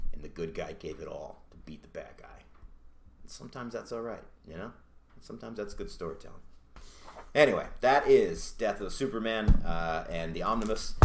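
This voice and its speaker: A man's voice: sits low, slight background noise. A man casually reviewing a comic book at home, loose and rambling with plenty of swearing and restarts. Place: indoors at home. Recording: roomy echo.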